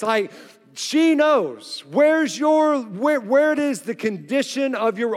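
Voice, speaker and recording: A man preaching a sermon as pastor, energetic and joking with his congregation in a church. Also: very high voice, a little slow, big-room sound. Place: church sanctuary.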